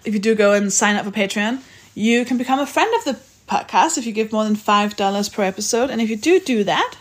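A woman hosts her podcast and chats her way through the closing segment. She reads out a long list of supporter names in a conversational tone. Her voice sits at a mid pitch for a woman. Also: fairly quick. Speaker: podcast host. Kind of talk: casual chat and read-out outro.

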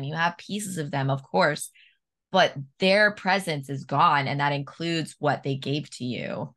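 A woman's voice: sits low, fairly bright tone. A woman hosting a podcast, talking candidly and emphatically in casual conversation and swearing freely. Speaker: podcast host.

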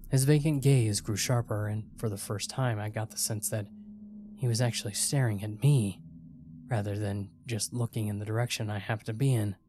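Low-voiced man narrating horror. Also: fairly even intonation, moderate pace, music in the background.

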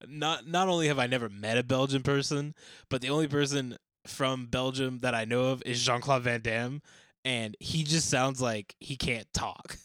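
A man's voice: medium pitch, steady tone, fairly bright tone, dry recording. A man joking and bantering in a casual podcast chat. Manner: joking, quick banter with laughs.

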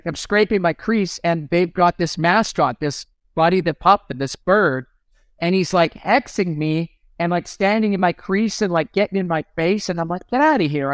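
A man's voice: sits high, clean tone, no room sound. Ex-goalie guest, a man in his fifties, spinning funny stories with a clean, resonant voice. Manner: lively anecdotes, acts out quoted lines. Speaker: guest, former pro hockey goalie. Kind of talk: casual storytelling on a podcast.

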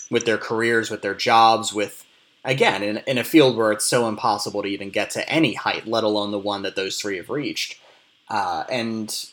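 A man's voice: on the low side, a bit bright. A man in casual film discussion, explaining plot and context at length with frequent restarts. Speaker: podcast co-host discussing a film.

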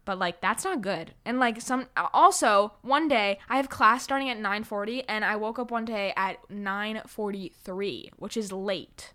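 A woman's voice: mid-range voice, a little slow, hardly any pauses, sharp tone. A young woman hosting a casual solo podcast, rambling and self-deprecating as she chats. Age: young adult. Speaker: podcast host.

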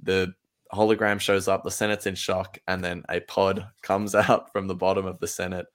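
A man's voice: low-pitched, level tone, normal speed. A man co-hosting a podcast in casual chat, eager and repeating words as he thinks. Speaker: podcast co-host.

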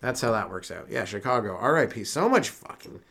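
His voice is lowish and creaky yet a bit bright, with lively intonation and a fairly quick pace. A sleep-deprived Canadian running a solo comedy podcast, he rambles loosely, swears plenty, and laughs at his own jokes.

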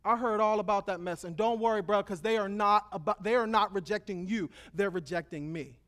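A man's voice: sits high, a little fast, fairly bright tone. A man doing a laid-back slangy god. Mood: reassuring. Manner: slangy, reassuring.

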